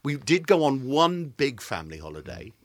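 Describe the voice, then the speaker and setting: A man from England tells anecdotes in a theatrical way, acting out every quote with an animated pitch. His voice sits mid-range. It sounds close and dry on a studio mic. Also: moderate pace, no room sound. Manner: theatrical storyteller, acts out quotes. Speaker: podcast guest. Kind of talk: anecdotal celebrity interview.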